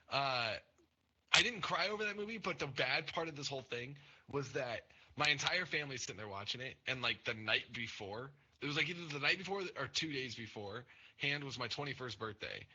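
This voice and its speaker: A young man hosting a podcast, telling stories in casual chat, swearing often and jumping up in pitch as he acts out other people. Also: highs cut off. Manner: swears a lot, animated storytelling with pitch jumps. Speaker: podcast host.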